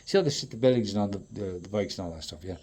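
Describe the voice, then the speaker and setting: A man in a rambling, profane monologue that swings between loud outbursts and low mutters. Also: rapid-fire, husky.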